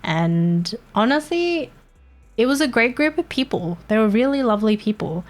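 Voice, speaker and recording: A woman's voice: a little high, very animated, normal speed. A woman streamer telling a personal story in casual chat, candid and swearing freely, with chuckles between points. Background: faint background music.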